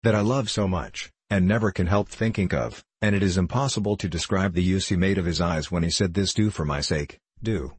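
A man's voice: low-pitched, fairly quick, few pauses, husky, dry recording. A man voicing a pompous young apprentice who pleads urgently and earnestly. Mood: pleading.

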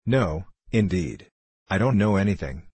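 Husky, low-voiced gentle scarecrow of straw, read by a male narrator; dry, close sound. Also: expressive, a little slow, no echo, full character voice. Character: friendly gentle brainless straw scarecrow man. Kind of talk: audiobook character voice.

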